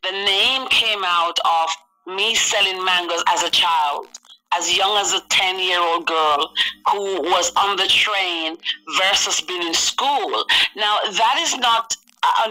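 Bright-voiced Jamaican woman on a phone line. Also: medium pitch. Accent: Jamaican with British traces. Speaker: author and film producer. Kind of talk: radio interview.

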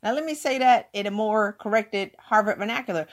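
A woman's voice: mid-range voice, a little fast, hardly any pauses. A woman giving an emphatic motivational talk, hammering points home with repeated words. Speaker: motivational speaker.

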